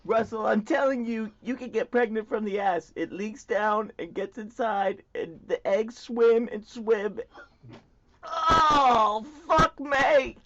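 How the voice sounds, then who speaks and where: A man's voice: high-pitched, slow pace, a bit bright, dull audio, a little hiss or hum, heavily acted. A man playing a crude young woman zookeeper, earnest and coarse.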